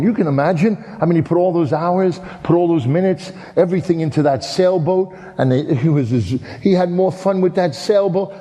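A man's voice: a little high, dark tone. A man preaching a sermon as a folksy story, often repeating "and, and" as he tells it. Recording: long hall reverb.

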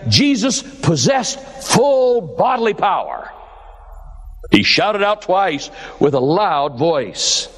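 High-voiced older man preaching in a hall. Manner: preacher's cadence, slowing for emphasis and rising for exclamations. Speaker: pastor. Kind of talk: sermon.

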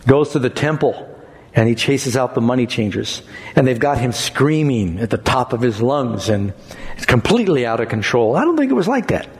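A man preaching a sermon in a lively, conversational way, asking his congregation questions as he teaches. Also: on the high side. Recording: long hall reverb.

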